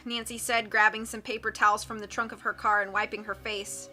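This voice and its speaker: Woman audiobook reader, bright and somewhat high, steady expressive narration. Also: moderate pace, hardly any pauses, soft background music. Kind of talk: reading a mystery novel aloud.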